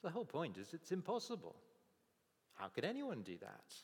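A man's voice: on the high side, wildly swooping pitch, moderate pace, slightly rough. A man preaching a sermon, telling stories and acting out the people's voices in quotes. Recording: long reverb of a large hall.

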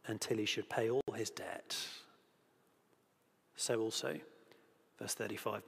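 Speaking at medium pitch with a creaky, breathy edge, a man preaches and reads scripture in church, where a large hall lends a long reverb. He's earnest, fond of rhetorical questions, and becomes animated at moments.

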